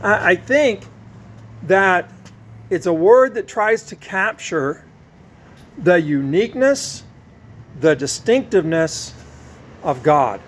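A man preaching a sermon, teaching slowly and drawing out his stressed words. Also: high-pitched, expressive. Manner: slow, emphatic teaching with drawn-out stressed words.

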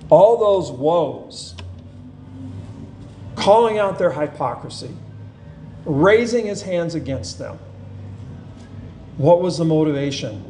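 A man preaching a sermon, earnest and unhurried, reading scripture with feeling. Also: fairly high pitch, animated, mellow, faint music behind. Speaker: pastor. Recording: echoey room with faint ambience.

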